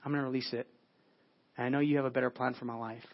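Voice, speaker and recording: A man preaching a sermon at a church service in an earnest way, often dropping to a hushed, prayerful tone. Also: medium pitch, level tone, very fast, dull audio. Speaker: pastor.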